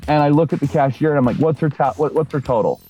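A man casually telling a profane story on a podcast in a deadpan way. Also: on the high side, quick pace, faint music behind, low-quality recording. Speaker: podcast co-host.

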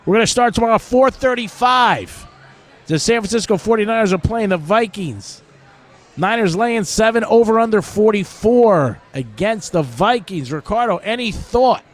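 Middle-aged new guy hosting sports radio, telling stories and cracking jokes, voice a bit high. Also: expressive, normal speed. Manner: chatty storytelling with jokes. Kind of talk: casual sports betting talk radio.

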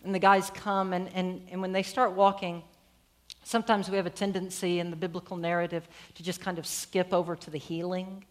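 A woman's voice: lowish voice, brisk. A woman preaching a sermon, retelling a story in a conversational way and putting questions to her listeners. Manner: animated, conversational, asks the audience questions.

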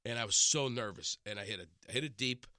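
A man visiting a radio studio as a guest tells stories in casual chat, speaking at a quick pace in a mid-range voice. He's animated, acts out quotes and restarts often, and the studio microphone captures him with no room sound.

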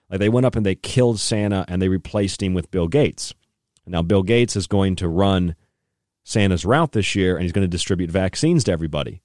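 A man's voice: sits low, fairly quick, a little mellow, no echo, clean studio sound. A young adult man hosting a podcast, ranting in a casual way and laughing often. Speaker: podcast host. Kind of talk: casual rant.

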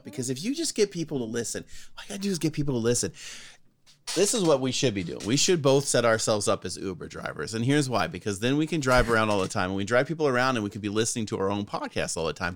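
A man's voice: medium pitch, very animated, quick pace, slight background noise. A man co-hosting a podcast in casual chat, playful and joking. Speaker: podcast co-host.

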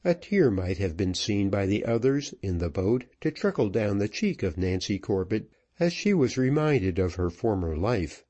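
A man reading a novel aloud in a measured, expressive way. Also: on the low side, muffled recording. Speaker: audiobook narrator. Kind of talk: scripted narration.

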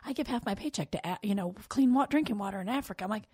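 A woman's voice: mid-range voice, lively intonation, very fast, a little mellow, husky, dry recording, studio quality. A woman co-hosting a sports podcast, telling stories in a playful, jokey way during casual chat.

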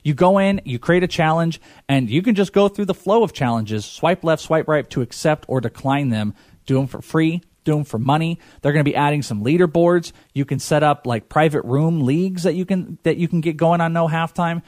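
A man's voice: fairly high pitch, fairly quick, darkish tone, dry recording, studio quality. A man hosting a sports podcast, upbeat and playful, reading a sponsor spot. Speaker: podcast host. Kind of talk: casual podcast hosting with ad read.

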